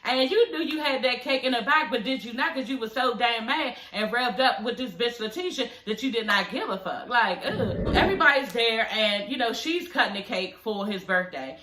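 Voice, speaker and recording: A woman's voice: a little high, animated, moderate pace, hardly any pauses, pushed and bright, a little hiss or hum. Sassy woman ranting in an echoey room. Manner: sassy and blunt, swears freely, laughs often, many "you know what I'm saying" tags. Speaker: reality TV recap vlogger. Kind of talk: casual recap rant.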